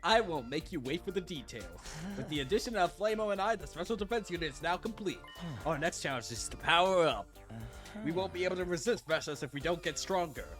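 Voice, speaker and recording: A man's voice: fairly high pitch, expressive, fairly quick, a bit bright, faint music behind. A man voicing a confident, scheming young male student with a grand, theatrical delivery.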